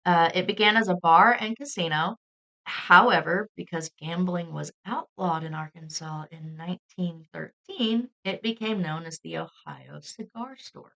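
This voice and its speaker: A woman co-hosting a podcast in a relaxed, chatty way, with frequent fillers. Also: fairly low pitch, unhurried, gravelly, lo-fi sound. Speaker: podcast co-host. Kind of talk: casual podcast chat.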